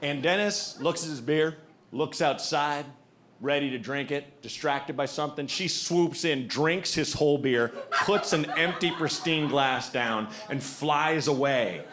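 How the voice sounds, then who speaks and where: A male stand-up comic working a live room, his voice sitting a little high for a man. He bounces into character voices as he tells his stories, and steady crowd noise runs under every line. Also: unhurried. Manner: animated, shifts into acted character voices. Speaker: stand-up comedian. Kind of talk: stand-up comedy set. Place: comedy club before a live audience.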